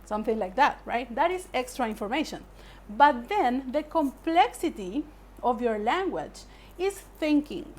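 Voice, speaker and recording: Slow-paced woman. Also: high-pitched, sing-song, a little hiss or hum. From Paraguay. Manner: measured, explanatory, asks "right?" often. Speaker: English teacher. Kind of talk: language lesson.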